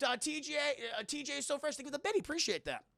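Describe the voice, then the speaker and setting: Gravelly, excitable man recapping a movie. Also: very high voice, no echo. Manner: profane, excitable, acts out scenes in quick funny voices. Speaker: movie reviewer streaming to chat. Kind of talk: animated spoiler recap with chat.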